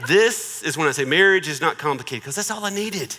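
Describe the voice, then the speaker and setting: Bright-voiced joking man in a hall. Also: fairly high pitch, lively intonation, brisk, slight background noise. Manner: joking, conversational, warmly persuasive. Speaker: marriage speaker. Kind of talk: humorous marriage talk.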